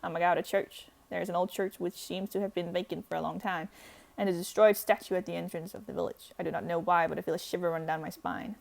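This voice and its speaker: A woman's voice: lowish voice, fairly even intonation, fast, vocal fry, a little mellow. A woman reading a visual novel aloud, breaking in with dramatic outbursts and jokey asides. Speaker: gaming streamer.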